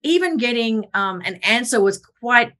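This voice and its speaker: A woman in her forties, a podcast guest talking candidly over a video call, animated and self-mocking as she tells her story. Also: fairly high pitch, moderate pace. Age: 40s. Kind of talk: candid conversational interview.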